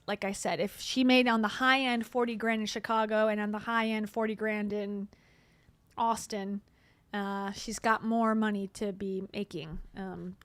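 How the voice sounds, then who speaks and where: In a dry recording, a woman with a medium, slightly bright voice hosts a casual commentary on video clips, tossing out sarcastic, wry asides.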